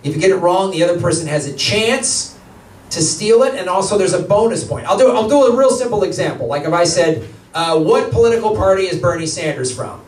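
High-voiced man hosting a comedy game show. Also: lively intonation, fairly quick. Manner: brash announcer voice with joking asides. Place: theater stage before a live audience. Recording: echoey theater, mic from far off.

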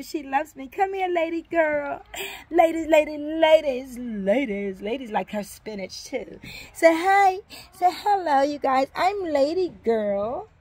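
An older woman hosts a cheerful home vlog, her high voice bouncing between greetings, crooning and humming. The sound is close and dry, with no room echo. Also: a little mellow. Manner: exuberant sing-song, calls out greetings, hums and croons. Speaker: vlog host. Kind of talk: casual home vlog with grandchildren.

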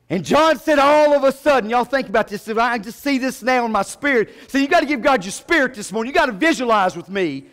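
A pastor preaches a sermon in a strikingly high voice. He swings from low murmurs to loud, ringing calls. His voice trails off into the long reverb of a church sanctuary. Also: expressive, quick pace, few pauses.

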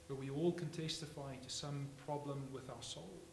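A man preaching a sermon as pastor, swinging from hushed phrases to loud emphatic ones. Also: medium pitch, fairly even intonation, normal speed, vocal fry. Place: church sanctuary. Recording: echoey church, faint hum.

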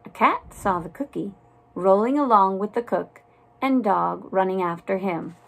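Woman, children's story reading, very slow, soft and deliberate, mid-pitched. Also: gravelly. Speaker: storybook reader.

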